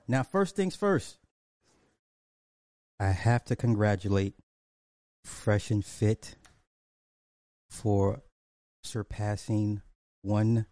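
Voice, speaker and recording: A man hosts a casual commentary stream, drawing his words out slowly and repeating points for emphasis. His voice is dark and mellow. It is recorded dry, close to the mic. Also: on the low side, dry recording. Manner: drawling, repetitive, emphatic, chuckles often. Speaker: commentary show host.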